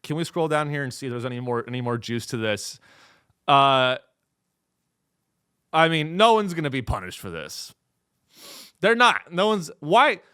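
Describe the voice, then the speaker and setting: A man's voice: a little high, big pitch swings, moderate pace, long pauses, bright, forceful tone, clean tone, no echo, studio quality. A young man hosting a comedy show, ranting in a profane, rambling way and slipping into mocking voices. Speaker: comedy podcast host. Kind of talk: comedic rant.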